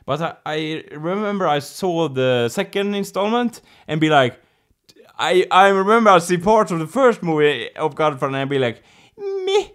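A man's voice: a little high, animated, moderate pace, fairly bright tone. Playful, laughing man retelling films. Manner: playful, laughing, acting out quotes. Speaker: conversation partner. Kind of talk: casual chat, retelling film plots.

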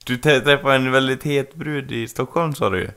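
A man's voice: medium pitch, brisk, over loud music. A man co-hosting a casual podcast, speaking in an ordinary mid-range voice. He teases his friend and laughs easily as they chat over a video call. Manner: laughs often, teasing. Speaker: podcast co-host.

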